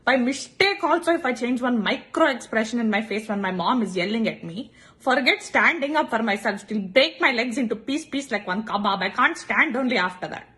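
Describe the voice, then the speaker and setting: A young woman doing comic monologue sketches, sarcastic and animated, jumping into acted quotes. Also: on the high side, fairly quick. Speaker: comedy sketch creator.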